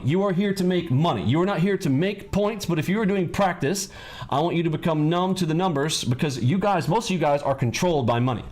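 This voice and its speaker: Emphatic, preachy male trading coach. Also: a little high. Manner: emphatic, preachy, repeats points with "okay?". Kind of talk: livestream trading lesson.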